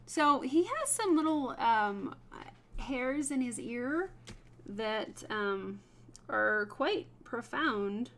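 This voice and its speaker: A woman's voice: on the high side, lively intonation, extremely slow, a bit bright. A woman hosting a wood burning livestream, chatting casually with viewers by name and laughing often while she works.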